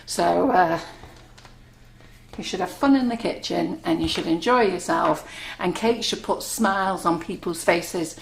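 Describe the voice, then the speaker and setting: A woman's voice: lowish voice, measured pace, creaky. A woman hosting a live cake decorating demonstration, chatty and giggly, poking fun at herself. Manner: chatty, giggly, self-deprecating. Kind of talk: live cooking demonstration chat. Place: kitchen studio. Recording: echoey room, faint noise.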